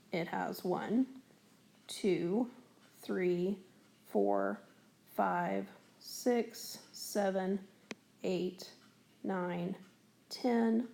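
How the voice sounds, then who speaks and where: Patient woman teaching with a gravelly voice. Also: mid-range voice, a little mellow. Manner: patient, explanatory, many fillers. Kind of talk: recorded whiteboard lesson. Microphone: tablet recording.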